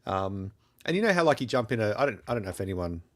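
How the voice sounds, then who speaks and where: Low-voiced guy cohosting a live podcast, rambly, lots of ums. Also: very animated, quick pace. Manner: rambling, filler-heavy, thinks aloud. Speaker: podcast co-host. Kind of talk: casual chat. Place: studio during a live podcast.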